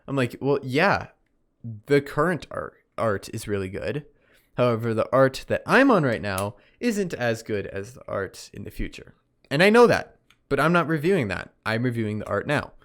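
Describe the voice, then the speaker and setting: A man's voice: mid-range voice, big pitch swings, normal speed, a bit bright. A young man hosting a casual solo podcast, giving a rambling, self-correcting review while tired and yawning. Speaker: podcast host reviewing anime.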